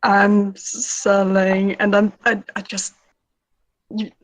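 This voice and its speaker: A woman's voice: mid-range voice, completely flat delivery, slow, no room sound, lightly acted, low-quality recording. A woman voicing an awkward young woman in a tabletop game who bluffs hesitantly and rambles. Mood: bluffing.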